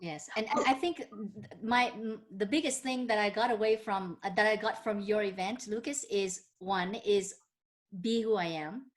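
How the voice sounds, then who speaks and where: A woman's voice: medium pitch, moderate pace. A woman hosting a casual interview over a video call, speaking earnestly with some restarts. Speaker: host.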